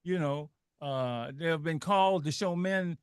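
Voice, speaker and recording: Animated man with a fairly high voice. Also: measured pace, smooth, dry recording, clean studio sound. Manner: animated, repeats himself, restarts often. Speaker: guest. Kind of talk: impassioned radio talk.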